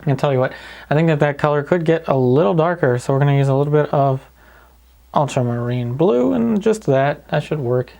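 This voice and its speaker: A man calmly talking through each step of a painting lesson in an easygoing way. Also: fairly high pitch, brisk, creaky. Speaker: painting instructor. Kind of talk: paint-along tutorial narration.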